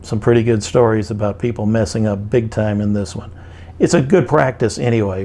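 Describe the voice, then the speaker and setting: A man's voice: on the low side, a little mellow. An older man with a Texan accent giving a plainspoken, folksy business lecture, with frequent fillers. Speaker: instructor. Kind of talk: recorded lecture.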